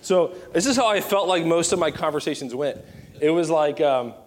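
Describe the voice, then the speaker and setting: Young male pastor, lively self-mocking storyteller, voice a bit high. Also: moderate pace. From Virginia. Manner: animated and self-mocking, with props. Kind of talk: sermon with storytelling.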